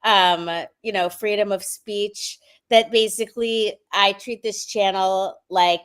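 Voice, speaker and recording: A woman's voice: mid-range voice, steady tone, takes it slowly, a bit bright, smooth. A woman co-hosting an online radio stream, chatting casually, restarting often and laughing easily. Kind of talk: casual livestream chat.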